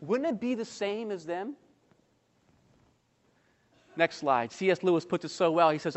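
A man's voice: high voice, expressive, measured pace, long pauses, long reverb tail. A male pastor preaching a sermon, emphatic and full of rhetorical questions to the congregation, with light humorous asides.

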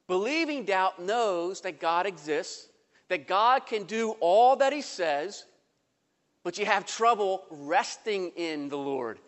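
Pastor, male, high voice, sermon with stories, hushed to emphatic, church reverb. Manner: storytelling, swings between soft and emphatic.

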